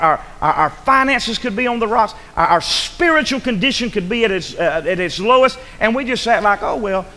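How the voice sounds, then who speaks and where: A man's voice: high-pitched, pushed and bright, in a large hall. A male pastor preaching a sermon in a church, urgent and rhetorical, pressing his listeners with repeated questions. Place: church sanctuary.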